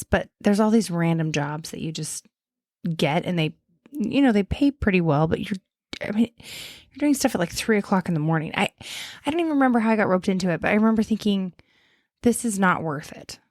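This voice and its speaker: A woman's voice: medium pitch, lively intonation, a little fast, a little mellow, dry recording, studio quality. A woman co-hosting a podcast in casual chat, rambling with lots of "like" and "I mean". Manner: chatty, rambling, full of fillers and laughs. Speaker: podcast co-host.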